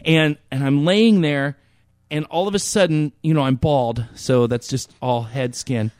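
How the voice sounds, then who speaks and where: A man's voice: on the high side, a little slow, a little mellow, no room sound. A young man on a podcast, telling a story animatedly and swearing now and then. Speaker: podcast co-host. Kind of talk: casual chat.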